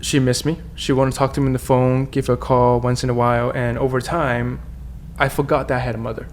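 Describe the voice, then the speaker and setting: A man's voice: mid-range voice, little pitch movement, fairly quick, a little hiss or hum. A man from China, a podcast guest telling his life story earnestly and candidly, often restarting his sentences. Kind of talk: personal storytelling in conversation.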